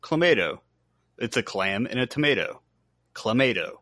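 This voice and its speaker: A man's voice: on the low side, unhurried, fairly bright tone, no room sound, studio quality. A man in his thirties co-hosting a podcast, teasing his friends with mock indignation. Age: 30s. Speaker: podcast co-host. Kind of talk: casual chat.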